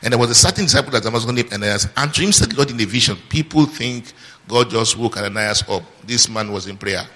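A man's voice: medium pitch, lively intonation, quick pace, pushed and bright. A man preaching a sermon, reading scripture aloud and quizzing the congregation with call-and-response questions. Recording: long hall reverb.

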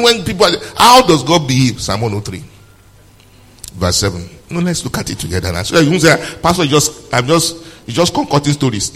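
A man's voice: a little high, a bit bright, husky, big-room sound. A male pastor preaching a sermon, reading scripture aloud and firing rhetorical questions at his congregation.

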